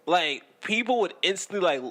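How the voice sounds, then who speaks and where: A young man co-hosting a podcast tells a long story in loose, profane chat. His voice is bright and fairly high, and it swings widely in pitch. He laughs often and keeps checking in with "right?". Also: expressive, moderate pace. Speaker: podcast co-host.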